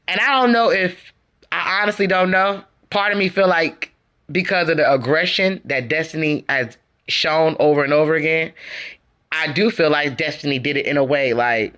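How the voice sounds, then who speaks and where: A woman's voice: fairly low pitch, expressive, normal speed. A woman hosting a casual review of a reality TV episode, retelling scenes in a chatty, slangy way and acting out the quotes. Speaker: reality TV recap host.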